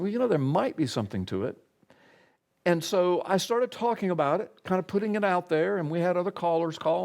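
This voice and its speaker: A man, a pastor, telling his story in an interview with an emphatic, animated manner. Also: on the high side. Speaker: pastor and radio talk guest.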